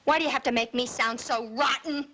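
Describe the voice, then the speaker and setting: Frightened young girl, tearful and pleading, bright high voice; 1950s TV drama. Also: brisk. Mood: defensive pleading. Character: frightened young girl accused of starting fires. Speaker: daughter.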